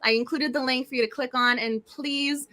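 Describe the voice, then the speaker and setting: A woman hosting a book club livestream in casual, effusive chat, her voice slightly hoarse. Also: high-pitched, steady tone, normal speed, bright, forceful tone.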